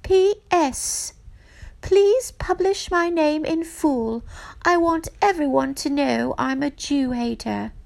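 Woman doing a put-on English accent, fanatical young upper-class lady, high strident voice, slow declaiming delivery. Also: animated, vocal fry, darkish tone, full character voice. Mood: zealous.

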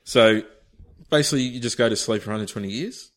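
A man's voice: medium pitch, fast, a bit bright. A man co-hosting a podcast, posing hypothetical scenarios in casual, playful banter and laughing often. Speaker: podcast co-host.

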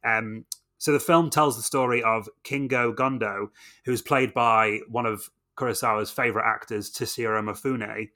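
A man's voice: medium pitch, steady tone, normal speed, pushed and bright. A man co-hosting a film podcast, talking with enthusiasm in a loose, rambling way full of fillers. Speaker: podcast co-host. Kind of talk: casual film review chat.

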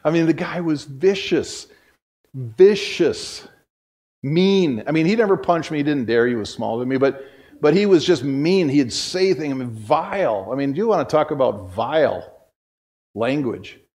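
A man's voice: on the high side, lively intonation, moderate pace, a little mellow. Folksy rambling male pastor. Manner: folksy, self-deprecating, rambling with restarts. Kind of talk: conversational sermon with storytelling. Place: church sanctuary.

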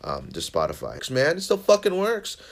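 A man's voice: medium pitch, huge pitch swings, moderate pace, creaky. A young man from Northern California's Central Valley, hosting a podcast and telling a rambling, profane story in casual chat. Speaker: podcast host.

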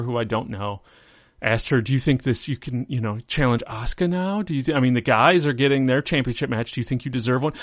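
A man in a casual podcast chat, rambling through a wrestling recap in a middle-pitched voice. He slips into mocking put-on voices when quoting people. The sound is dry and close, with no room around it. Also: quick pace, gravelly, no echo. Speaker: podcast host.

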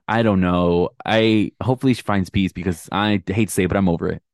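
A man's voice: deep voice, fairly even intonation, moderate pace, no echo, studio quality. A young man co-hosting a casual reality TV recap, gossipy and blunt with a sarcastic edge. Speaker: podcast co-host.

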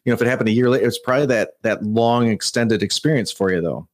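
A man's voice: medium pitch, quick pace. A man co-hosting a podcast interview, forming his questions in searching, restarting phrases. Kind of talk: interview conversation.

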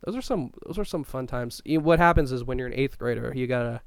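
Smooth-voiced young man, casual rambling chat. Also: mid-range voice, expressive, fast talker, dry recording, studio quality. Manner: loose, rambling, swears a lot. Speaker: podcast co-host.

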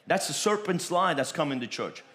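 Emphatic preacher man, fairly high voice. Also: animated, moderate pace, pushed and bright. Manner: emphatic, repetitive declarations with rising bursts. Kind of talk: sermon.

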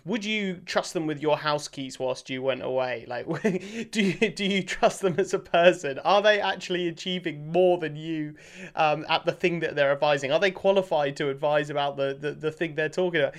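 A man's voice: fairly high pitch, normal speed. A British man hosting a casual interview, chatty and full of fillers, laughing easily. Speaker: podcast host.

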